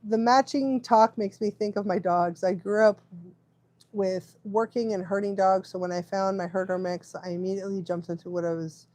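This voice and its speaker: A woman's voice: medium pitch, steady tone, normal speed, a little mellow, dry recording. Chatty woman dog trainer, dry sound. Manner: chatty, laughs often, keeps checking in with "right?". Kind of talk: casual live training Q&A.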